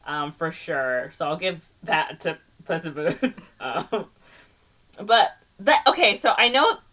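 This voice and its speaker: A woman's voice: deep voice, sing-song, slow, fairly bright tone, recorded from a distance. A woman hosting a podcast, chatting casually in a giggly, rambling way with lots of fillers. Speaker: podcast host. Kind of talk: casual chat.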